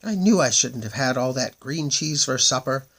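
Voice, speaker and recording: A man voicing a plump, childlike female moon who squeaks and squeals in a storybook reading. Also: animated, normal speed, vocal fry, a bit bright. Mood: distressed. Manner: squealing, shrill.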